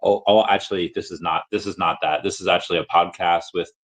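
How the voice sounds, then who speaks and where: A man's voice: low voice, fairly even intonation, quick pace. A man hosting a podcast, rambling through a casual market update, often correcting himself mid-sentence. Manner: rambling, self-correcting, upbeat. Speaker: podcast host.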